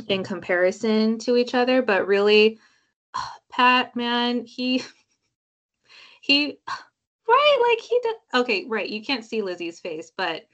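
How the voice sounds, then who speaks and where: Chatty lady podcaster, mid pitch, lots of likes, casual. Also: a bit bright, dull audio. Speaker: podcast co-host. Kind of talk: casual chat.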